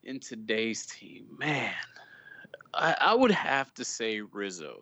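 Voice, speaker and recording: Man, bright tense voice, dry close sound, casual podcast guest, animated storyteller. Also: fairly low pitch, slow pace, no echo. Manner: storytelling, animated retelling of quotes. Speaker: guest, fan club leader.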